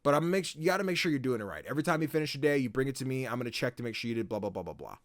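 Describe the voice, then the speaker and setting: Stern, lecturing male boss, played by a man, brisk delivery. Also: medium pitch, expressive, dry recording, studio quality, natural voice.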